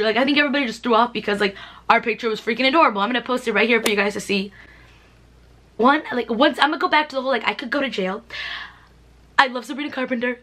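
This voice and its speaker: A young woman rattles off storytime anecdotes at a brisk clip. Her voice sits a little high, and her talk is loose, giggly and full of filler words. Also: pushed and bright. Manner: chatty, laughs often, heavy filler "like". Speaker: vlogger. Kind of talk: casual storytime vlog.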